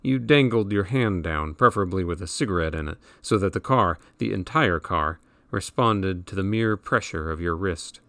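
A man reading a novel aloud in measured, wry audiobook narration. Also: low-pitched, lively intonation, bright, forceful tone, no room sound, studio quality.

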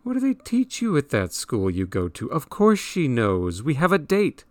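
A man's voice: mid-range voice, wildly swooping pitch, normal speed, no echo, voice pushed up. A man voicing a worldly, lecturing teenage older brother who explains everything in a slightly raised, dry-recorded voice. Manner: bossy, explaining.

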